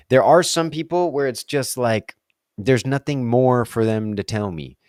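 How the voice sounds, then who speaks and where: A man's voice: mid-range voice, darkish tone, dry recording. Casual man musing, dry close mic. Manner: playful, acts out quick silly voices mid-thought. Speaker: solo podcast host answering reflective questions. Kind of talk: casual spoken reflection.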